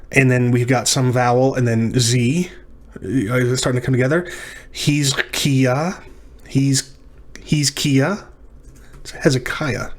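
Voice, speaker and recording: A male teacher working through practice exercises in a recorded lecture, thinking aloud with pauses and self-corrections. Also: medium pitch.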